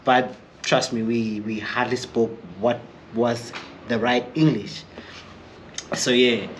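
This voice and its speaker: A man's voice: medium pitch, flat delivery, slow pace, slight background noise. Chatty man telling stories. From Eastern Free State, South Africa. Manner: chatty, rambling, acts out quoted people. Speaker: chef vlogger. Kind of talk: casual storytelling to camera.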